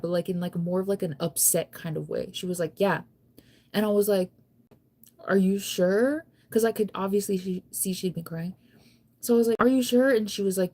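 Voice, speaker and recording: Young adult woman, slightly low voice, rambly storytime vlogger, filler-heavy. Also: gravelly, darkish tone. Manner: chatty, rambling, heavy use of "like". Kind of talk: casual storytime chat.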